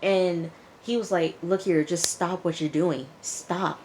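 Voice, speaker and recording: Chatty low-voiced woman recapping a show. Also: takes it slowly, a little hiss or hum. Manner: chatty, animated retelling with quoted dialogue. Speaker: TV show reviewer. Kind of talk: casual recap chat.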